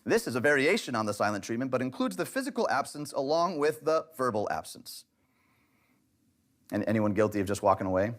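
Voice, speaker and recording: A man of middle pitch teaches a church relationship session on camera. His delivery is direct and conversational, with a wry, light humor woven in. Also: very animated, a little fast. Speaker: pastor teaching a relationship class.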